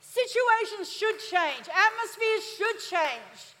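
A woman's voice: very high voice, expressive, slow, bright, forceful tone. A woman pastor preaching an emphatic sermon, calling on the congregation to answer back. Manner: emphatic, call-and-response preaching. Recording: reverberant church hall.

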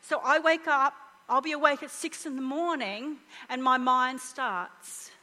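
A middle-aged woman preaching a conversational sermon, animated and humorous, sometimes dropping to a hushed voice for emphasis. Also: high-pitched, a little slow, in a large hall.

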